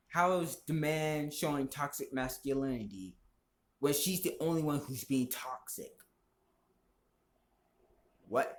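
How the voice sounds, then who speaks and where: A man ranting casually about movies, heated and profane, rambling from point to point. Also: fairly high pitch. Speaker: vlogger. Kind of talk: casual opinion rant. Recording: echoey room.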